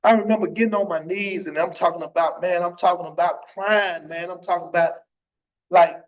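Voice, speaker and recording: Man, high voice, preaching his testimony with fervor, keeps saying "man"; muffled church stream audio. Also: steady tone, brisk. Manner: fervent, repeats phrases, tags lines with "man".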